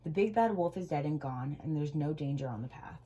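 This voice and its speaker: A woman's voice: deep voice, expressive, a little fast, mellow. A woman reading aloud, voicing a brave male hunter who speaks in firm declarations. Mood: reassuring.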